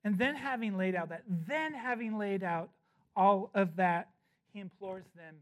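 A preacher working through a text in a sermon, voice at a middling pitch. The delivery is emphatic, slowing down to press key phrases and often repeating a word before going on. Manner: often repeats words while restarting. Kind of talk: expository sermon.

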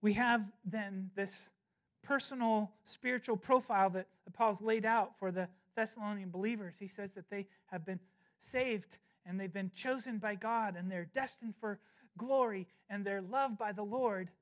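Preacher for a verse-by-verse sermon: emphatic, slows to lean on key words, restarts with repeated words. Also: mid-range voice. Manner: emphatic, slowing down to stress key phrases. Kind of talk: expository sermon.

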